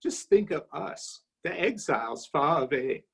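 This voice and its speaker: A man's voice: a little high, expressive, a little slow, creaky, a bit bright, breathy edge, heavily acted, rough recording. A man reciting a rhymed comic toast in a put-on German accent, voicing a jolly, homesick exile in a hearty, sing-song way. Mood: boisterous.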